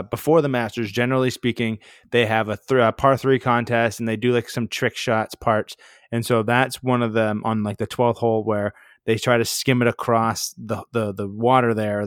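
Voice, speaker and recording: A young man co-hosting a podcast, rambling through stories with wry, profane asides. His voice sits in a middle pitch. The recording is dry and close. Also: fairly even intonation, normal speed, no echo. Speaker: podcast co-host. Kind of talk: casual chat.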